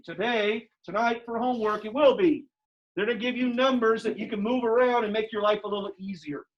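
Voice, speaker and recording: A man lectures his math class emphatically, repeating his questions to the students, and sounds slightly winded behind a face mask. His voice sits high. The audio is dull, lo-fi classroom sound.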